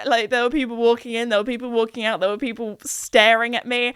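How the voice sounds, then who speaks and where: A young woman tells a rambling, self-mocking story on her podcast. Her voice sits fairly high and sounds smooth and clear. The recording is dry and close, with no room sound. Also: fairly even intonation, fast, hardly any pauses, fairly bright tone, no echo. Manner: chatty, self-mocking, acts out her own quoted remarks in higher voices. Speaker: podcast host. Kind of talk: casual storytelling monologue.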